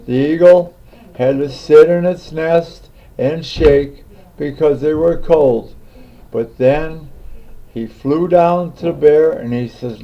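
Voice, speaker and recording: A man telling a folk tale in an unhurried way, with fillers and restarts, on a dull lo-fi recording. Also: a little high. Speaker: storyteller. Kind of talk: oral folk storytelling.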